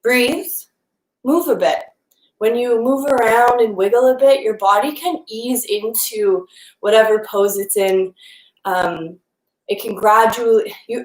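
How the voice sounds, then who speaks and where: A young woman guides a live-streamed yoga class while moving along with it, her mid-pitched voice casual and encouraging. She sounds a little out of breath at times. The room around her is noticeably echoey. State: slightly out of breath. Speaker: yoga instructor.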